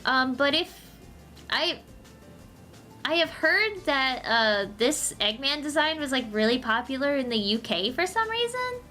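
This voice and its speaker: A woman's voice: high voice, big pitch swings, measured pace, bright, forceful tone, faint music behind. A woman streamer reading comics aloud on a casual livestream, tossing in joking asides and giggles.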